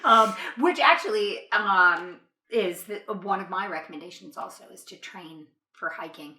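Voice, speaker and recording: A woman's voice: mid-range voice, moderate pace, bright, forceful tone, echoey room. A woman hosting a casual interview, chatty, laughing often and using many fillers. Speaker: podcast host.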